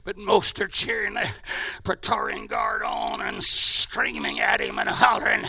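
A man preaching a sermon in a church, swinging between shouted fervor and hushed near-whispers. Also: high-pitched, wildly swooping pitch, a little slow, vocal fry, few pauses, breathy edge, dry recording, some chatter behind.

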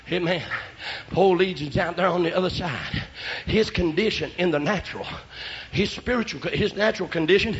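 A man preaching a revival sermon and telling his testimony, shouting in bursts, then dropping to quiet asides. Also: fairly high pitch. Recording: lo-fi church recording.

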